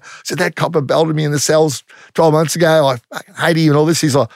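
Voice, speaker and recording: A man's voice: on the high side, fast, no echo, clean studio sound. A middle-aged man with an Australian accent, a former undercover police officer telling stories in a casual interview, blunt and matter-of-fact with plenty of slang.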